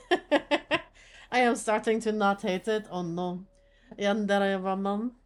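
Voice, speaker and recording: A woman's voice: mid-range voice, slow. A woman chatting casually as she streams a game, rambling with lots of filler words.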